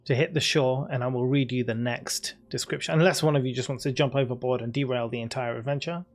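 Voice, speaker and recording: A man's voice: medium pitch, steady tone, fast. A British man acting as game master, reading adventure descriptions aloud and chatting loosely with his players. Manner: chatty and easygoing, reads descriptions steadily then chats loosely. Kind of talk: running a tabletop game, reading adventure text.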